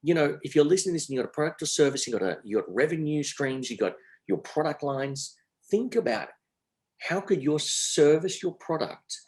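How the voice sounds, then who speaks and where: A man's voice: on the high side, a little fast. Aussie guy talking business on a podcast, punchy and keen, repeats himself. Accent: Australian. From Australia. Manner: energetic, emphatic, repeats phrases. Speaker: entrepreneur guest. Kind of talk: podcast interview.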